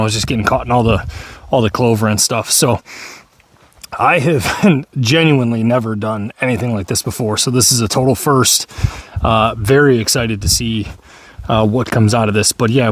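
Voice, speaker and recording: An Upstate New York man talks into a handheld camera outside on a field, a bit winded from work. His speech rambles along with plenty of ums and uhs at a middling pitch. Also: slight background noise. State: out of breath. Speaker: vlogger. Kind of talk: casual outdoor vlog. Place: outdoors on a field.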